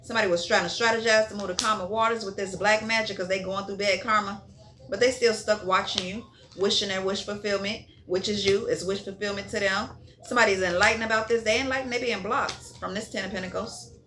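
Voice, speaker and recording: Woman, tarot reader, casual reading, blunt and profane, repetitive, crisp bright tone. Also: mid-range voice, fairly even intonation, fast talker, a little hiss or hum. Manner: blunt and profane, repeating "somebody" and "okay?".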